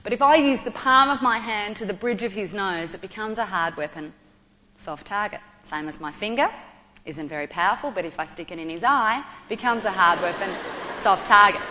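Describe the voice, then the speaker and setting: An Australian martial arts athlete, a guest speaker, gives a lively motivational talk to young people in a large hall, leading a demonstration and shouting instructions. Her voice is mid-range at a moderate pace, energetic and playful, with slight background noise and reverberant audio.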